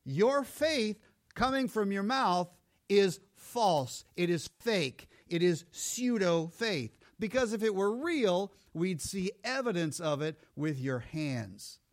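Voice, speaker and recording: A male pastor preaching with a high voice that swings widely up and down. He plays out the voices of the people in his story as he goes. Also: slow. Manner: animated, acts out voices of people he quotes. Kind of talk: sermon.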